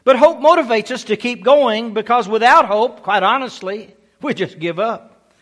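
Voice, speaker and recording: A man's voice: very high-pitched, moderate pace, fairly bright tone. A man preaching a sermon as pastor, emphatic and repeating key phrases.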